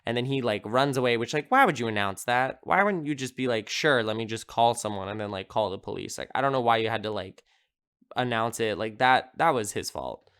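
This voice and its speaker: A man's voice: medium pitch, lively intonation, a little fast, fairly bright tone, clean tone. A man hosting a podcast, casually recapping a horror film in a rambling, amused way, with lots of filler words. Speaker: podcast host.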